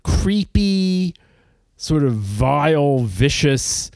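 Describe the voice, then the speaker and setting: Middle-aged New man, lively story-teller, fairly high, dry close sound. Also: very slow, gravelly, no room sound. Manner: animated, acts out people in his stories. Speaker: podcast guest. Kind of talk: casual storytelling chat.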